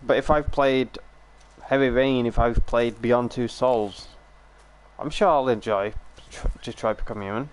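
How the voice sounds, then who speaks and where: A man's voice: mid-range voice, unhurried. A man streaming a game, chatting casually with viewers in a rambling way, full of fillers and restarts. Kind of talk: casual live-stream chat while gaming.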